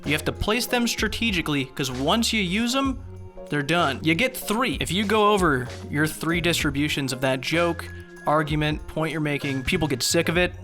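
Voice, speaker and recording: A young man delivers comedic game commentary in a bright, forceful voice that sits a little high. He rants sarcastically and swears freely. Faint music plays underneath. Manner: sarcastic, profane, ranting. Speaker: gaming commentary host.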